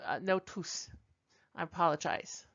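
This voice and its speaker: Bright-voiced woman teaching French. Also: on the low side, lively intonation, a little slow, highs cut off. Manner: chatty, self-correcting, switches into read-out French. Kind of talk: slide lecture.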